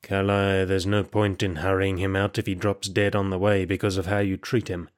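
A man voicing a calm, sympathetic male prison guard who speaks softly and reasonably, in a storybook reading. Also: low-pitched, normal speed, lightly acted. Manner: soft, placating.

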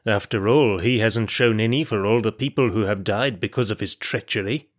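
A man's voice: fairly low pitch, moderate pace, lightly acted. A man voicing a harsh, impatient male prison guard who snaps out orders, in a storybook reading. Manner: snapping, barking orders.

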